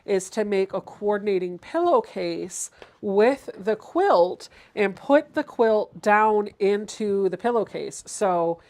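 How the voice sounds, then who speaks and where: A woman's voice: medium pitch, lively intonation, slow, a little mellow. Woman doing a sewing livestream, easygoing and chatty, talks thru every cut and press. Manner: chatty, explains each step while reading viewer comments aloud. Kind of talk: casual livestream sewing tutorial.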